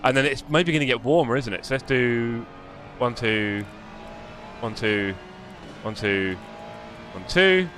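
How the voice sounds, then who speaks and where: A man's voice: medium pitch, fairly bright tone. A man, live-streaming a sim race with chatty, jokey commentary and muttering while he adjusts his car setup.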